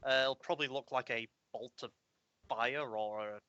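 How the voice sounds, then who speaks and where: A man playing a tabletop game, speaking in a measured way and thinking aloud. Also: medium pitch, steady tone, pushed and bright, lo-fi sound. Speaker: player. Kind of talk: casual chat at a game table.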